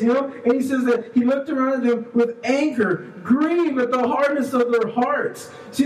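A man preaching a sermon as pastor, animated, acting out little voices and swinging between hushed and loud. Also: extremely high pitch, echoey room, recorded from a distance, slight background noise, poor audio.

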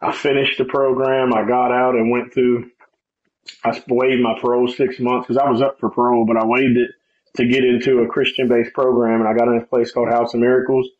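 Lively man telling his story, lo-fi. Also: mid-range voice, fairly quick. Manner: animated storyteller, acts out quoted voices, laughs often. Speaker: guest sharing testimony. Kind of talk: conversational testimony. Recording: slightly dull, lo-fi sound.

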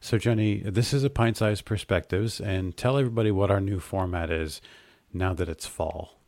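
A man's voice: sits low, moderate pace, a little mellow, dry recording. A middle-aged man co-hosting a podcast, teasing his co-host and reading upbeat promos. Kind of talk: casual podcast chat.

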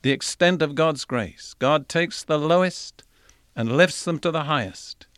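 A man giving a recorded Bible teaching in an earnest, measured way, reading scripture passages aloud between his own remarks. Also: on the high side, a bit bright, clear, resonant tone, no echo, clean studio sound.

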